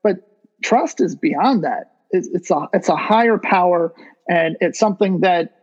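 A man hosting an interview, who asks halting questions and answers with short agreeing remarks. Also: sits high, dull audio. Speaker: podcast host. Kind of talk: interview chat.

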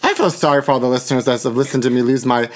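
A man's voice: mid-range voice, racing. A man hosting a podcast in casual chat, talking in a dramatic, self-mocking, rambling way. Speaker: podcast host.

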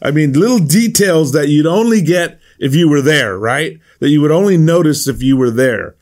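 A man's voice: on the high side, lively intonation, normal speed, a little mellow. A middle-aged man, a pastor, giving a devotional Bible teaching in a conversational way, often repeating words as he gathers his thoughts.

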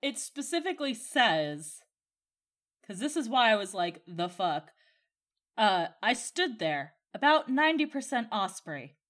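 A woman's voice: a little high, sing-song, measured pace, fairly bright tone. A woman co-hosting a casual book podcast, with sardonic, exasperated commentary. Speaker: podcast co-host.

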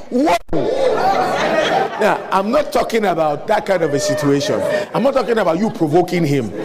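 Male preacher, mid-high voice, animated delivery, hammering points by repetition. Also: a little hiss or hum. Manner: emphatic, repeats key lines. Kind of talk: sermon.

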